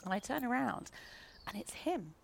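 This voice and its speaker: A woman telling a lively anecdote in a casual podcast chat, often laughing and acting out what others said. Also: fairly high pitch, normal speed, vocal fry, slight background noise. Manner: lively anecdote teller, laughs often, acts out quoted voices. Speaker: guest.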